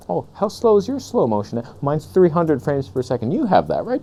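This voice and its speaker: A man ranting sarcastically in a comedic vlog, outdoors on a lavalier mic, jumping between high mocking voices and low grumbles. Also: very animated, normal speed, few pauses, dark tone, slight background noise. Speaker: camera vlogger.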